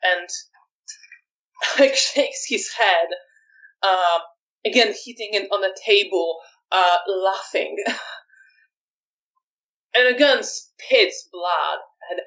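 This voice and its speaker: A woman narrating a tabletop vampire game as storyteller, measured and hesitant. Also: fairly low pitch, a bit bright, far from the mic, low-quality recording.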